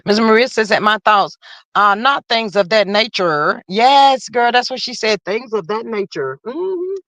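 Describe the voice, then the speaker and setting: A woman chats her way through a live stream, reading comments and calling her viewers "y'all." Her voice sits a little high. The sound is dry and close to the mic. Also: expressive, measured pace, a bit bright, no echo. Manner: chatty, folksy, talks straight to viewers with "child" and "y'all". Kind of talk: casual live-stream chat.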